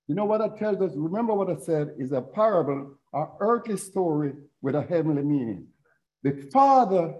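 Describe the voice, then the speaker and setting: A man's voice: high voice, darkish tone, low-quality recording. A middle-aged man preaching a sermon, retelling a parable as a story and quoting scripture.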